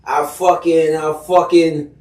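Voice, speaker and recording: Man, podcast co-host, blunt, profane, slangy, higher voice, roomy distant sound. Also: level tone, slow, a little mellow. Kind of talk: casual podcast chat.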